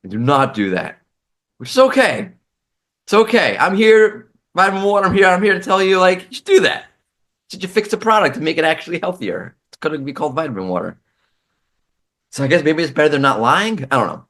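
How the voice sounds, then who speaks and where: A man's voice: a little high, very animated, brisk, fairly bright tone. A man with a New York accent ranting sarcastically as a brand marketing commentator.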